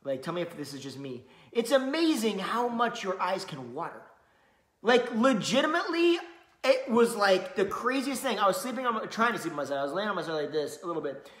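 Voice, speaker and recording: A man telling a story in casual chat, animated, laughing often and swearing. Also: high-pitched, fairly quick. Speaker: co-host. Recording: roomy echo.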